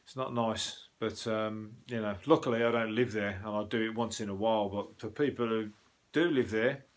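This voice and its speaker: Swearing Brummie comedian rambling. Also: male voice, on the low side, steady tone, normal speed. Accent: Birmingham. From Birmingham, England. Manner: rambling, swearing, jokey asides. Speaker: comedian host of a news review show. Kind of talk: casual comic monologue.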